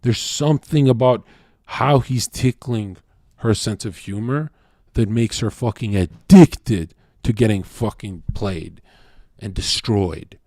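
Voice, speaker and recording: A man's voice: lowish voice, takes it slowly, dark tone, no echo, studio quality. A man streaming live, ranting bluntly and profanely at his chat in a confrontational way. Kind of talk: casual rant to a live chat.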